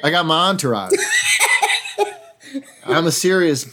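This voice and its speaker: A man's voice: a little high, animated, unhurried, noisy background. A man, an actor and guest, chatting casually in an easygoing way, chuckling and swearing now and then. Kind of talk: casual chat.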